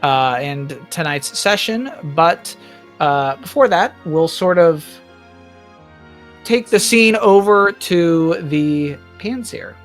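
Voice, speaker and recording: A woman's voice: lowish voice, lively intonation, slow pace. Woman narrating a tabletop game, filler-heavy. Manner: loose, many fillers, thinks aloud. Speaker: game master. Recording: dry with soft music behind.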